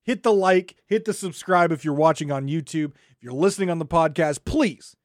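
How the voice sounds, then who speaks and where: A podcast host ranting angrily and sarcastically, swinging from shouting to muttering. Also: mid-range voice, moderate pace, dry recording, studio quality. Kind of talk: solo gaming podcast rant.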